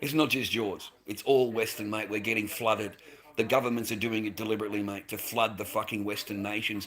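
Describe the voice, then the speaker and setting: An Australian man ranting on a casual livestream. He swears constantly, tags "mate" onto nearly every line, and swings between low mumbles and loud, heated outbursts.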